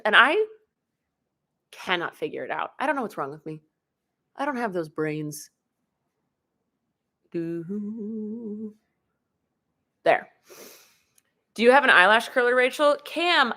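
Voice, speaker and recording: A woman's voice: mid-range voice, fairly bright tone. Chatty young woman live-streaming at home. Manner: chatty, laughs often, answers viewer questions. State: a little sick with sniffles. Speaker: vlogger hosting a live stream. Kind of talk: casual live-stream chat reading comments. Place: home, at a laptop in the kitchen. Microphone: laptop or phone camera propped up.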